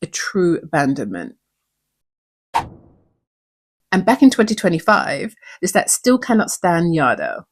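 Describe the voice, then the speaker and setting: A woman's voice: lowish voice, wildly swooping pitch, slow, pauses often, slight background noise. A woman hosting a recap show, talking in an earnest, reflective way and asking many questions. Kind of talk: recap commentary.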